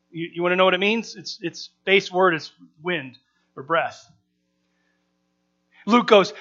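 A man preaching a sermon with a high, bright, forceful voice. He talks conversationally and acts out the crowd's reactions. The recording is a little dull and lo-fi.

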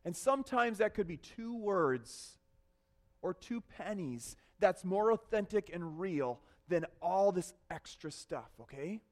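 A man preaching a sermon, telling a personal story with animated swings between loud bursts and hushed confessions. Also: high-pitched, a little slow. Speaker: pastor.

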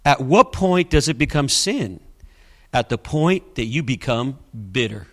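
Bright, forceful preacher man. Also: mid-range voice, lively intonation, a little slow. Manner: emphatic, dramatic retelling with repeated refrains. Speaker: pastor. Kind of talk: sermon storytelling.

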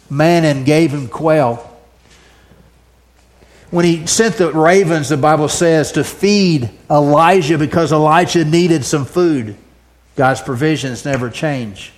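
A male pastor preaching a sermon in a repetitive, building cadence. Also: fairly high pitch.

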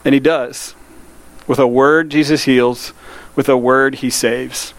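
A man preaching a sermon, reading scripture slowly and asking the listeners earnest, direct questions. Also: medium pitch, steady tone. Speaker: pastor.

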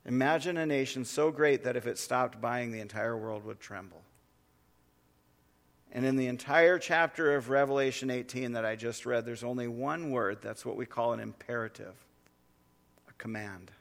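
A man as pastor, preaching a sermon and reading scripture aloud in a measured way that swells into forceful warnings. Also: medium pitch, vocal fry.

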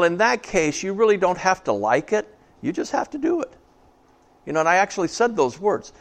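A man's voice: high voice, fairly bright tone. Man preaching a conversational sermon. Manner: conversational, asks the audience questions. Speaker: pastor. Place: church before a congregation.

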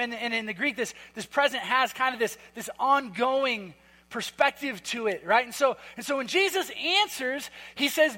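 A man preaching a sermon in a church hall, conversational and emphatic, with quick asides. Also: extremely high pitch, pushed and bright. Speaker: pastor.

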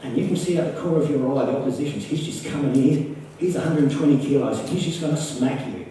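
An Australian man delivers a sermon in an earnest, unhurried way, doubling back on key phrases to drive them home. His voice is mellow and dark, picked up from some distance off. The large room around him rings with heavy echo and a faint hum of ambience. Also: mid-range voice. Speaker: preacher. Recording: echoey, from far off the mic.

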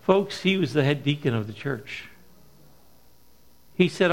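A middle-aged man preaching at a missions conference, telling stories and stressing key words slowly. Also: a little high, expressive. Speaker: missionary speaker. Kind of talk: sermon with storytelling.

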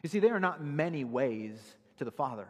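A man's voice: a little high, very animated, fairly quick, breathy edge, big-room sound. A man preaching a sermon, earnest and emphatic, citing Bible verses as he explains them. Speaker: pastor.

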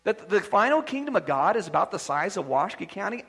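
High-voiced, husky preaching man. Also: very animated, fast talker, few pauses, in a large hall. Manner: emphatic preaching, swinging from quiet asides to loud declarations. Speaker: pastor. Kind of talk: sermon.

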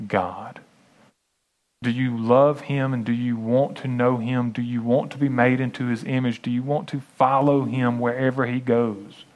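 A man preaching a sermon, in an earnest, pleading way with many repeated phrases. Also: mid-range voice.

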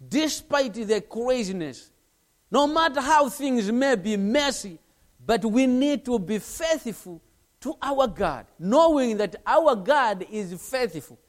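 Male preacher, very high voice, slow, lively delivery. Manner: earnest, repetitive preaching with anecdotes. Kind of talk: sermon.

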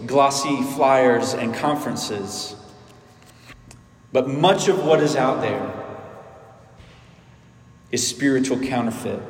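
A man's voice: medium pitch, echoey room, big-room sound. A man preaching a sermon as pastor, conversational, asking rhetorical questions and restarting phrases.

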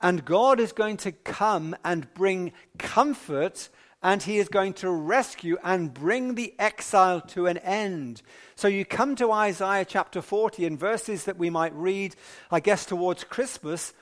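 A man preaching an evening sermon in a measured, emphatic way with long pauses. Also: high-pitched, fairly bright tone.

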